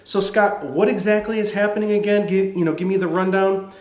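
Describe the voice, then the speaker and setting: A man voicing an insistent young woman pressing her boyfriend, in a higher voice. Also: fairly even intonation, a little fast, darkish tone, roomy sound, lightly acted, low-quality recording. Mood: chatty.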